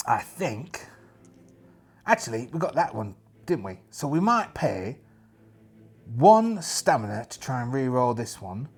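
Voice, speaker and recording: Lively, husky man narrating a solo game. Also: medium pitch. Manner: chatty, jokey, talks to himself while rolling dice. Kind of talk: in-character actual-play narration.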